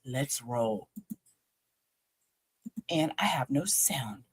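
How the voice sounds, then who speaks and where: A woman's voice: deep voice, animated, measured pace, long pauses, husky. A woman hosting a late-night livestream, rambling and chatting straight to her viewers as she reviews a trial, swearing casually.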